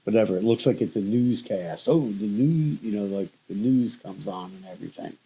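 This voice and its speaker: A man's voice: on the low side, normal speed, mellow, breathy edge, poor audio. A man co-hosting a podcast, laid-back, giving short replies and plainly pushing back. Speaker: podcast co-host. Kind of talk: casual chat.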